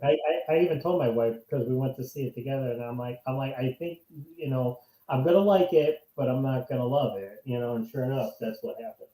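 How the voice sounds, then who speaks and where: A man co-hosting a casual film chat, animated and profane, telling personal stories. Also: mid-range voice, quick pace, hardly any pauses, roomy sound, poor audio. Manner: animated, swears, tells stories. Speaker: co-host.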